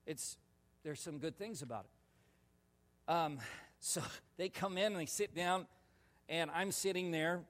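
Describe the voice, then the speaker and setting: Guy pastor preaching, kinda high voice, big hall echo, laughs a lot and gets loud. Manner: animated, laughing storyteller with sudden loud shouts. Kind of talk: sermon storytelling. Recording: long reverb of a large hall.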